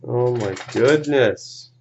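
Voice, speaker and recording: A man's voice: medium pitch, takes it slowly, creaky, darkish tone, muffled recording, slight background noise. A man casually talking through a card game on a live stream, laid-back and easily amused, with casual swearing.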